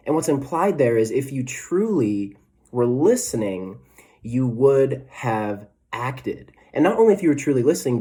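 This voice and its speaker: A young man in his twenties delivers a sermon in an easygoing, conversational way, often restarting his sentences and checking in with "right?". His voice sits at an ordinary middle pitch with a soft, mellow, dark tone. He comes across as a pastor who jokes about himself while he teaches. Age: 20s. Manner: conversational, self-deprecating, frequent restarts and "right?" tags.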